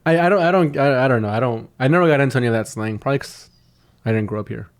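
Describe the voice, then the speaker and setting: A man's voice: medium pitch, rapid-fire. A man co-hosting a comedy podcast, talking casually and laughing a lot. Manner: easygoing, laughs a lot, stumbles into restarts. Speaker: podcast co-host.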